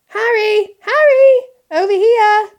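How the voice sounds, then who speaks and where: A woman reading aloud, voicing an eager, quick-talking schoolgirl witch in a high voice. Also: very animated, dull audio. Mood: excited. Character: bossy, eager schoolgirl witch with bushy hair.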